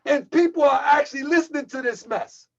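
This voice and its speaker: A channel host livestreams a heated, mocking rant, calling his viewers family. His very high-pitched voice is fairly quick and gravelly, and the recording has its highs cut off.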